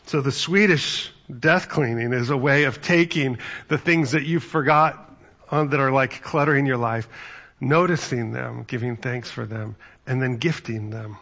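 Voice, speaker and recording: Pastor guy chatting through a sermon, bright voice, kinda muffled lo-fi sound. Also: mid-range voice, measured pace, gravelly. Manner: conversational, storytelling with acted-out quotes.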